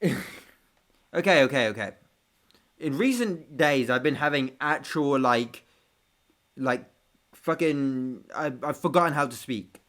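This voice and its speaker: A man's voice: mid-range voice, animated, measured pace, pauses often, fairly bright tone. A man with street hosting a reaction video, ranting casually with profanity and self-mocking jokes.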